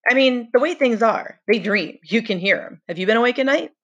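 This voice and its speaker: A woman's voice: on the high side, expressive, brisk, a bit bright, lo-fi sound, pitched above the performer's own voice. A woman reading the lines of a frustrated, earnest boy leader in a novel, with emphatic, exasperated delivery.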